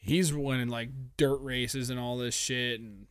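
A man's voice: medium pitch, a little slow, clear, resonant tone, dry recording. A young man hosting a solo podcast, ranting with lots of swearing and stammered restarts. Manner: profane, animated ranting with frequent stammered restarts. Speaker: podcast host.

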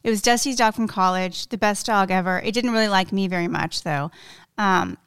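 A woman in her thirties co-hosting a podcast in relaxed casual chat. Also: medium pitch, a little fast. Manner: relaxed, chatty, many fillers. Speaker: podcast co-host.

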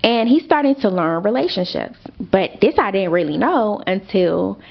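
A woman's voice: mid-range voice, moderate pace, creaky, highs cut off. A young woman hosting a podcast, telling a story casually with lots of fillers and swearing. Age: young adult. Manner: animated, swearing, rambling with fillers. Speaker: podcast host.

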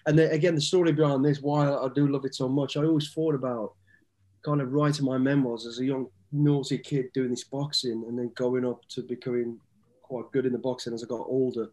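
Mellow-voiced man in his fifties. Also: mid-range voice, level tone, brisk. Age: 50s. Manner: easygoing, rambling anecdotes with many restarts. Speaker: guest. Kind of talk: casual storytelling interview.

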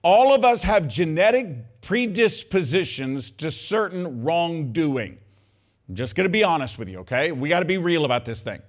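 Older male pastor, slightly high voice, emphatic, conversational sermon delivery. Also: big pitch swings, moderate pace. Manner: emphatic, conversational preaching, addressing congregation as y'all.

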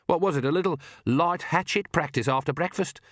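A man's voice: on the high side, brisk, a bit bright, no echo, studio quality, pitched above the performer's own voice. A man voicing a blunt, suspicious young woman who talks sharply and indignantly, in a read-aloud fantasy story. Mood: wary, indignant.

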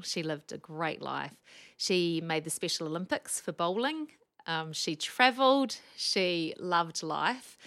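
A woman, a speech pathologist guest, telling lively anecdotes and laughing often. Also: lowish voice. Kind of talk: casual storytelling chat.

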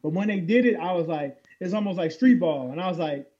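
A man in a laid-back, jokey casual chat, fond of acting out quotes. His voice sits high and sounds mellow and warm. The recording is muffled and lo-fi. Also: animated, a little fast. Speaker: podcast co-host.

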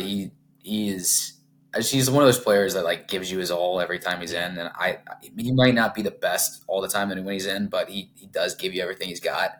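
An American man co-hosts a casual sports podcast, telling stories in a candid, animated way, swearing and sprinkling in lots of "like." His voice is low-pitched, with a slight hiss or hum on the recording.

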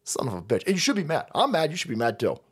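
Male streamer, high animated voice, foul-mouthed mocking rant. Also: racing, slightly rough. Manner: foul-mouthed, mocking, laughing, swings between loud and muttering. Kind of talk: profane political rant.

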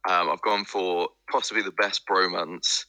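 A man's voice: sits low, fairly even intonation, normal speed, sharp tone, no echo. A man, a guest on a podcast, chatting casually and checking for agreement with tag questions. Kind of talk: casual chat.

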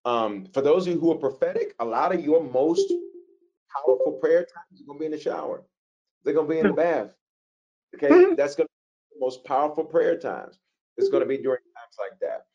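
A man teaching as a pastor, reading out listener questions and answering them in a conversational, animated preaching manner. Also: mid-range voice, muffled recording.

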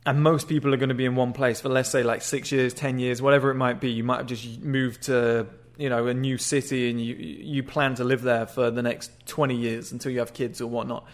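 Man, dating-advice host, blunt and crude, casual talk, mid-pitched voice. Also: flat delivery, fairly quick, few pauses. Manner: blunt, crude, conversational, acts out short greetings.

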